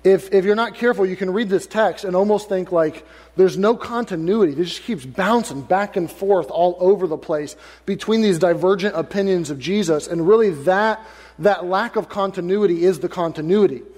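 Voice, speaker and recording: A man's voice: sits high, normal speed, a little mellow. Pastor guy preaching, reads scripture then retells it casual, echoey church hall. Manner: reads King James verses, then paraphrases them in casual modern speech. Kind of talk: sermon reading scripture.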